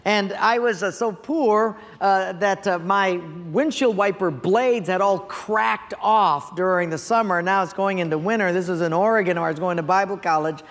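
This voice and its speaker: A man's voice: high voice, moderate pace, few pauses, fairly bright tone, in a large hall. A male pastor preaching a sermon, telling stories and asking the audience questions. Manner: storytelling, asks the audience questions.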